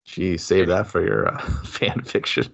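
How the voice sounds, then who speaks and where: Man, podcast co-host, joking casual movie talk, lowish voice, dull lo-fi recording. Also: big pitch swings, a little slow, gravelly. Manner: joking, riffs on scene ideas. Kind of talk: casual movie review chat. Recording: dull lo-fi sound.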